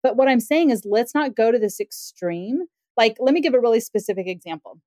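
Animated woman, dry close podcast sound. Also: fairly high pitch, a little fast, no echo. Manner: animated, acts out parent and child quotes. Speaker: parenting expert. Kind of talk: casual conversational podcast discussion.

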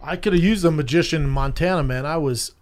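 A man's voice: on the high side, fast. A man co-hosting a podcast, telling stories and joking in a loose, profane way. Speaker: podcast co-host. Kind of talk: casual comedy chat.

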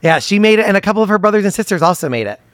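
A man's voice: sits high, no echo. A man guesting on a podcast, telling family stories casually with wry asides. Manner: wry, animated storytelling with quick asides and laughs. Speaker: comedian guest. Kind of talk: casual storytelling interview.

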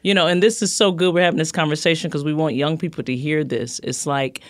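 A woman's voice: low voice, steady tone, fast, no room sound, studio quality. A middle-aged woman pastor talking earnestly as a guest, often repeating words as she builds a point. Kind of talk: casual conversational interview.

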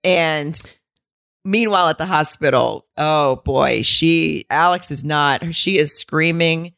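A woman's voice: sits low, slow pace, gravelly, no echo, clean studio sound. A woman co-hosting a podcast, chatting casually and acting out lines while recapping a movie. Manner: animated storytelling, acting out quotes. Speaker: podcast co-host.

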